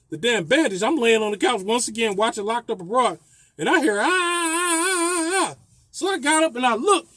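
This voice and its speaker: A man's voice: very high-pitched, no room sound. A man, a landlord, telling a rambling, profane story about a tenant in a casual vlog, laughing often.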